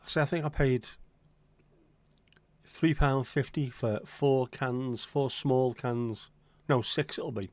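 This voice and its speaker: A man's voice: mid-range voice, fairly even intonation, slow pace, no room sound. A man hosting a casual livestream, chatty and joking as he answers viewer comments. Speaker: livestream host.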